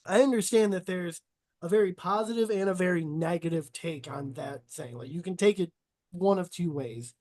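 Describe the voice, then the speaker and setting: A man's voice: high voice, normal speed, darkish tone, dry recording. A young man hosting a casual podcast, asking rambling questions full of fillers. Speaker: podcast host. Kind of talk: casual chat.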